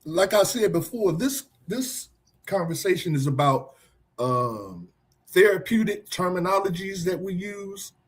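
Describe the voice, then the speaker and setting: A man's voice: sits high, sing-song, measured pace, husky. A man hosting a podcast, chatting loosely, teasing and laughing often. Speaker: podcast host. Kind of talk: casual talk show chat.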